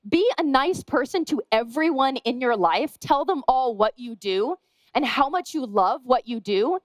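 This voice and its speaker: A woman wedding photographer giving a lively conference talk, chatty and self-deprecating, acting out the people she quotes. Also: high voice, unhurried, no echo, low-quality recording.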